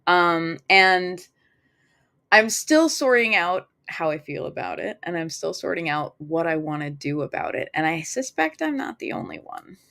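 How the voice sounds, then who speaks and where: A woman's voice: on the low side, fairly bright tone. A woman reading tarot cards on a live stream, chatting casually with fillers and acting out little quoted thoughts.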